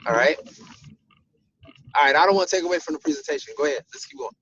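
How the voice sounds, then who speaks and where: A sports official telling a story in a casual group discussion, animated and given to repeating himself. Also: male voice, on the high side, fast, dull audio, a little hiss or hum.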